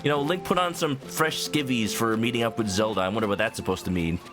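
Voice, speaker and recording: A man's voice: mid-range voice, fast talker. A man casually commenting while streaming a video game, playful and joking, rambling with little stammers, with game music behind him.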